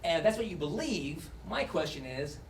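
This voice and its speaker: Animated stand-up comedian in an echoey club. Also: male voice, fairly high pitch, moderate pace, a little hiss or hum. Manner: swearing, animated, acts out voices. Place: comedy club stage with audience laughter. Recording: echoey club recording from a distance.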